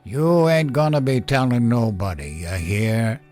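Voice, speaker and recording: A man doing a slow, menacing rural father. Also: mid-range voice, soft background music. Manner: slow, calm, threatening drawl.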